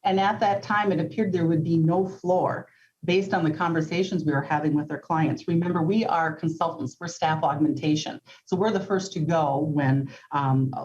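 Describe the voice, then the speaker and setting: A woman, a company CEO, giving prepared, earnest testimony to a legislative committee at a measured pace, with occasional ums. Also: low voice, steady tone, a little mellow, highs cut off.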